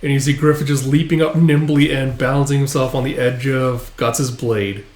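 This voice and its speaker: A man's voice: medium pitch, fairly even intonation, moderate pace, a little mellow. A man casually narrating a comic recap in a loose, rambling way with many fillers. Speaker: manga recap host. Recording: roomy echo.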